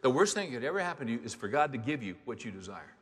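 A man's voice: medium pitch, big pitch swings, rapid-fire, breathy edge. A man preaching a sermon in an emphatic, conversational way, asking the congregation rhetorical questions. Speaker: pastor. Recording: long hall reverb.

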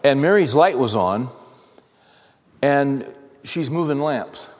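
A man hosting a talk, telling a personal story in a halting, restarting way that turns heated. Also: medium pitch, lively intonation. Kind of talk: anecdotal monologue. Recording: long hall reverb.

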